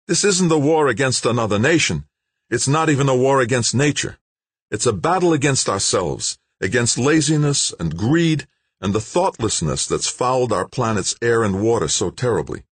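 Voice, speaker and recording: A man's voice: mid-range voice, big pitch swings, normal speed, breathy edge, no echo, voice pushed up. A man doing an impassioned male scientist. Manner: urgent, impassioned, emphatic. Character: passionate, earnest male scientist.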